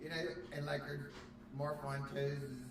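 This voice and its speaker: A man hosting a casual livestream, talking loudly and crudely, joking with sudden excited outbursts. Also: a little high, moderate pace. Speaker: livestream host. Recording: roomy, distant mic with background noise.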